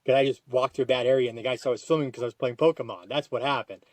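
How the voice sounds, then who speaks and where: Animated man telling a story, dry sound. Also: racing, no room sound. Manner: animated, jumps to high excited quoted lines; frequent restarts and repetitions. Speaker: podcast guest. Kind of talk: casual storytelling.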